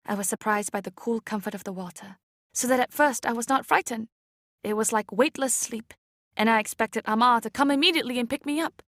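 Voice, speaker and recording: A woman reading an audiobook chapter aloud in a measured, expressive way. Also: on the high side, no echo, clean studio sound. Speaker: audiobook reader. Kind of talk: scripted narration.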